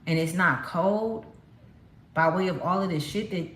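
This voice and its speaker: A woman's voice: lowish voice, unhurried, fairly bright tone. A woman from California giving a casual spiritual card reading, talking emphatically to her viewers in a chatty, slangy way. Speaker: tarot card reader. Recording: echoey room.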